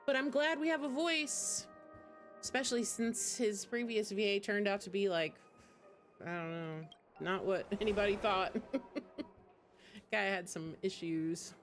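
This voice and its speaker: A woman's voice: mid-range voice, unhurried, faint music behind. A woman streaming a game, chatting casually with a wry, laughing manner. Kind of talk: casual chat.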